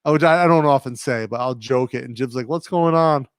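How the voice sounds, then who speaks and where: A man's voice: mid-range voice, fast talker, dry recording. A man with a slight New England accent hosting a livestream from his studio, chatting casually and reading out viewer comments. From Rhode Island, USA. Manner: rambling, laid-back, talks to viewers directly. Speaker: livestream host. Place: home studio.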